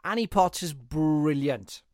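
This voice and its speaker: A man's voice: on the high side, animated, takes it slowly, darkish tone, no room sound, studio quality. Enthusiastic male podcast host. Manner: enthusiastic, rambling with restarts. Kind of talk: casual film chat.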